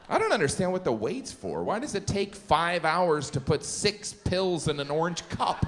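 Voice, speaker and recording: A middle-aged man performing stand-up comedy on stage, deadpan and self-deprecating. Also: high-pitched, normal speed, few pauses, slight background noise. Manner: deadpan, self-deprecating, dips into character voices. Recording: long hall reverb, loud ambience.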